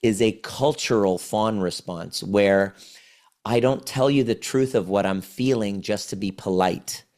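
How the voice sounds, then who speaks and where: Being interviewed on a podcast, a man in his forties speaks a little slowly in a slightly mellow voice on the low side. He's a trauma healing coach who earnestly explains things and often starts his phrases over.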